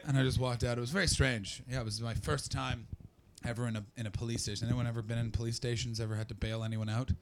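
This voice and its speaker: A man doing stand-up comedy, telling a story to a live audience in an animated way, getting loud when acting out scenes. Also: medium pitch, fast talker, hardly any pauses, background noise.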